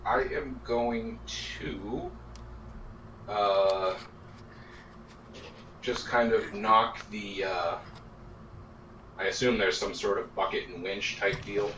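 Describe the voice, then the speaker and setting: A man's voice: on the low side, slow pace, pauses often, fairly bright tone. A man playing a tabletop game, talking hesitantly and searching for his words. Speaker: player. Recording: roomy, distant, dull and noisy.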